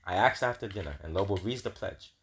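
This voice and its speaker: A man reading a children's picture book aloud, slow, steady and gentle. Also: sits low. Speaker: storybook reader.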